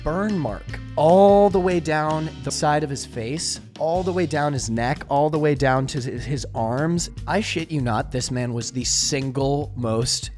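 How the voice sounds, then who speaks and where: A man telling a story as a guest in casual chat, animated and often laughing. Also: fairly high pitch, unhurried, hardly any pauses, faint music behind.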